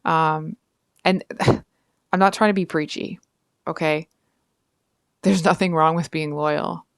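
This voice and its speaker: A woman with a fairly low, smooth voice talks through a tarot reading in a frank, chatty way. She stacks up fillers and asides. The sound is dry and close. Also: fairly even intonation, takes it slowly, no echo. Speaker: tarot reader. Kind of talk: casual tarot reading to camera.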